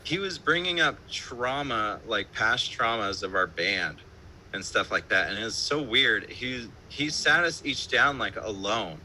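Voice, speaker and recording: Bright-voiced man telling casual band stories. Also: medium pitch, expressive, a little slow, a little hiss or hum, low-quality recording. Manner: loose, profane storytelling with frequent laughs and fillers. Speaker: band musician, interview guest. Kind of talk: casual interview chat. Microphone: remote live-stream call.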